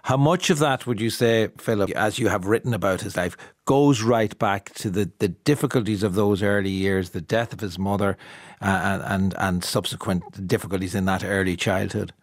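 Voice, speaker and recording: A man hosting an interview who asks long, halting questions with many restarts. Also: fairly low pitch, fairly even intonation, dry recording, studio quality. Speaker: radio interviewer host.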